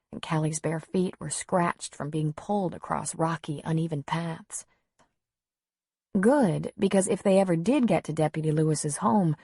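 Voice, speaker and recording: Steady and measured, a woman with a lowish voice narrates an audiobook from a script, her storytelling even throughout. The sound is studio quality, with no room sound.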